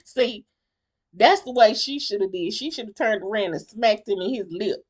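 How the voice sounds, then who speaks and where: A woman vlogger giving a casual, blunt commentary on a reality show, rambling and animated with slang and many restarts. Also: medium pitch, moderate pace. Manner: blunt, fired-up opinions.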